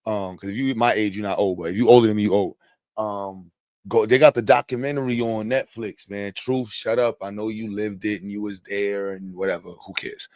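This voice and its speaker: Middle-aged man, livestream host, low voice, dry close sound, joking and rambling. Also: steady tone, a little fast, no room sound. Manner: joking, rambling, loud bursts and laughs. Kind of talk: casual livestream commentary.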